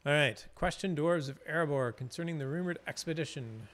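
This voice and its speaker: Brisk and fairly bright, with a rather high pitch, a man's voice carries his casual commentary as he plays a fantasy game on stream. He rambles along chatting, often starting sentences over.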